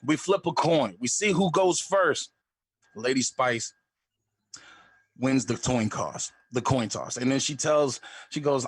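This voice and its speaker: A young adult man telling a comic story in a live storytelling show, animated and acting out other voices. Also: a little high, normal speed, breathy edge, no room sound. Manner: animated, acts out voices in a loud hype.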